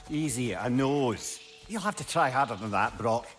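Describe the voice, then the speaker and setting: A man's voice: medium pitch, animated, normal speed, a bit bright, lightly acted. A man voicing a witty, chatty male talking head in a video game, teasing and fond of riddles and puns. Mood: playful. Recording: game audio with music behind.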